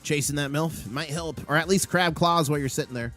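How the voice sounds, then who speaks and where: Man, livestream host, excitable market commentary, rattles off prices, slightly high voice. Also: brisk, soft background music.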